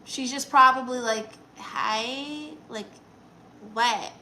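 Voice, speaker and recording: A woman's voice: on the high side, unhurried, bright, forceful tone, slight background noise, rough recording. A woman comedian hosting a casual live stream, reading viewer comments in a sassy, teasing, chatty way. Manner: breaks into exaggerated put-on quote voices.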